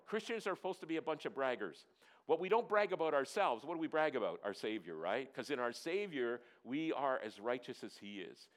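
Man preaching a lively sermon. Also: medium pitch. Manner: lively, asks the congregation questions. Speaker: pastor.

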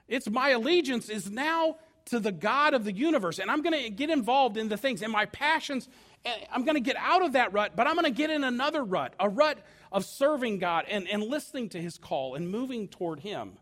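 Animated, high-voiced male preacher. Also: moderate pace. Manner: animated, emphatic preaching with acted quotes. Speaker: pastor. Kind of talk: sermon.

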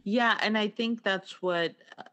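A relaxed speaker chatting casually about food, laughing often. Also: medium pitch, measured pace. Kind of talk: casual chat.

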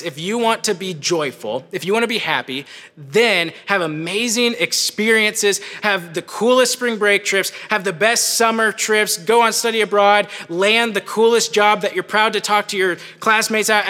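Young male campus preacher, high, bright, animated sermon, hall reverb. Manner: animated, conversational, shouts at peaks.

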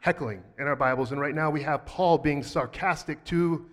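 A man preaching a sermon, talking in a relaxed, conversational way with a playful, sarcastic streak, and reading scripture aloud. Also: fairly high pitch, moderate pace, in a large hall. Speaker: pastor.

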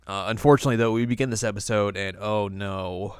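Smooth-voiced man recapping an anime. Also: on the low side, no echo, clean studio sound. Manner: animated, puts on quick character voices while retelling. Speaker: podcast co-host. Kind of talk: casual recap chat.

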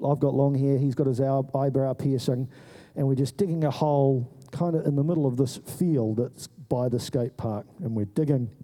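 A man's voice: mid-range voice, normal speed. A man telling a story in a sermon, acting out the voices of the people in it. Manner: animated storyteller who acts out voices. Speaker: preacher.

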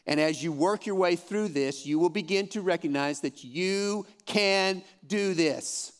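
A man's voice: high-pitched, measured pace, clean tone. A man in his fifties teaching a Bible study in a room with a live audience, speaking in an encouraging, folksy way and often repeating himself. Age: 50s.

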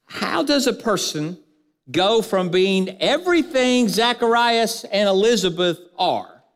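Male pastor, unhurried sermon delivery, lists and rhetorical questions, churchy reverb. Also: animated, clean tone. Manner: preaching with repeated lists and rhetorical questions, voice dropping low at phrase ends.

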